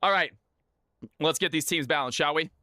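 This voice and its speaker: A man hosting viewer games on a live stream, talking excitedly and chatting with his audience. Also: fairly high pitch, moderate pace, dry recording, clean studio sound.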